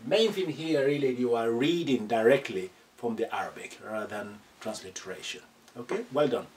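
Male Arabic teacher, mid-pitched, patient repeater, recorded at a distance. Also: darkish tone. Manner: patient, repeats phrases slowly for learners. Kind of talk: classroom lesson.

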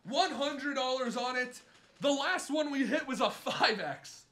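Young male streamer, high bright voice, rapid swings from muttering to yelling, live gambling commentary. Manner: excitable, swings from muttering to shouting and swearing.

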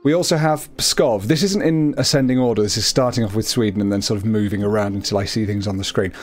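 A man's voice: on the low side, fast talker, soft background music. A young man casually chatting through a co-op strategy game, chatty and self-amused. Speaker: game commentator. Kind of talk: casual co-op gameplay chat.

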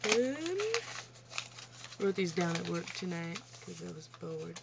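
A young woman vlogger with a lowish, creaky voice speaks slowly but animatedly, telling stories in a casual Q&A. She is blunt and profane and laughs at her own tales, recorded at home in dull lo-fi audio with heavy background noise.

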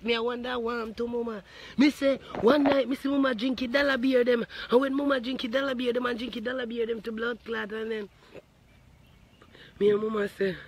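Man, Jamaican accent, very high voice, bright and tense tone, animated profane comic rant. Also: a little hiss or hum. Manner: animated, swearing patois storytelling. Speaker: comedic storyteller.

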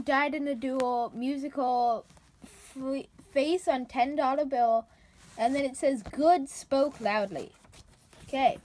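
A woman with a high voice reads feedback aloud in a comedy vlog, dry and sarcastic. She takes her time, lingering over each misspelled word as she sounds it out. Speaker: comedy vlogger.

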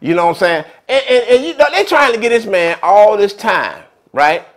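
A man hosts a vlog in a casual, storytelling style. His voice sits very high and swings widely in pitch. He talks in a chatty, animated, streetwise way. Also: moderate pace, low-quality recording. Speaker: vlog host.

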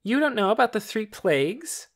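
A man's voice: a little high, very animated, moderate pace, pitched above the performer's own voice. A man voicing a smug, self-important boy who talks in a precise, teacherly way in an audiobook. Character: smug know-it-all boy, superior. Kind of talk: audiobook character reading.

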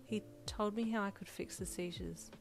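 A woman's voice: medium pitch, fairly even intonation, moderate pace, soft background music, lightly acted. A woman playing a shy, stammering teenage girl. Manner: bashful, stammering.

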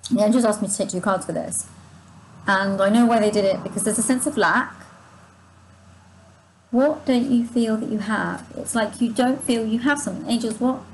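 A woman's voice: fairly high pitch, moderate pace, slight background noise, low-quality recording. A woman giving a tarot reading to her viewers, searching for her words with many restarts and asides, her throat sore and her breath short. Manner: sighs and yawns while reading. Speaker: tarot reader. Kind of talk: spontaneous spiritual reading to viewers.

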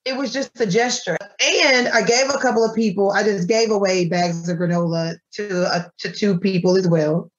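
A woman, a small food business owner, telling an animated story in an interview and acting out the dialogue of the people in it. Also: mid-range voice, normal speed, few pauses, lo-fi sound. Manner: animated, acts out quoted dialogue with her voice. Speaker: guest, granola business owner.

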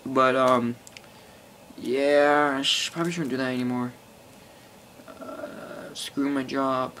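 A teenage boy vlogs to an iPod camera held close, rambling casually with lots of fillers and swearing. His mid-range voice has a fairly bright tone and fairly even intonation, and he talks slowly. There's a little hiss or hum.

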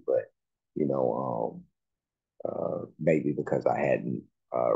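A man hosting a music reaction video, talking slowly and haltingly with many fillers and restarts. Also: rumbling low, gravelly, darkish tone, slightly rough, low-quality recording. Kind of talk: casual reaction commentary.

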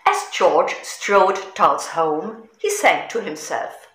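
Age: middle-aged. Role: woman reading a storybook aloud, slow and lively. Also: on the low side. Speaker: storybook reader. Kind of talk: reading a children's book aloud. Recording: echoey room.

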